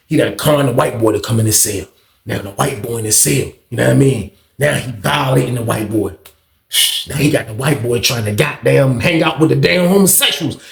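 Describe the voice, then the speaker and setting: A young man tells a story in a loose, rambling way, animated and full of profanity. His voice sits at an ordinary pitch and bounces around a roomy space with a clear echo. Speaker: storytime vlogger. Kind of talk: casual storytelling.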